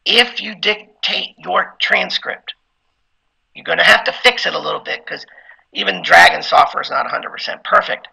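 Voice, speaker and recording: A man's voice: sits high, lively intonation, moderate pace, gravelly, bright, forceful tone, breathy edge, poor audio. A middle-aged man giving an informal lecture on preaching skills, conversational and at times emphatic like a preacher. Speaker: instructor teaching preaching skills.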